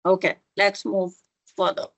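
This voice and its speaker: A woman's voice: medium pitch, flat delivery, unhurried, no echo. A woman teaching a language lesson, saying each phrase, repeating it and explaining its meaning.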